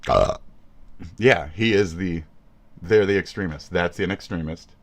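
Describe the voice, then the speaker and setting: A man hosting a livestream, ranting with lots of cursing, swinging between yelling and muttering. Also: deep voice, unhurried. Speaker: livestream host.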